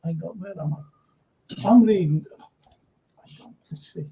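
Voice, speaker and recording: A man's voice: high-pitched, takes it slowly, gravelly, dark tone, muffled recording. A man hosting a casual live football chat, rambling and reading out viewer comments. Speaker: host.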